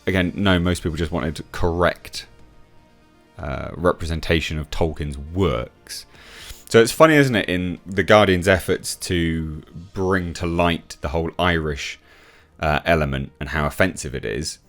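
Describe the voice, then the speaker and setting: Deep-voiced man giving scoffing commentary. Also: a little slow, fairly bright tone, faint music behind. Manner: mocking, scoffing, frequent uh fillers. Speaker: YouTube commentator. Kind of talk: opinionated commentary vlog.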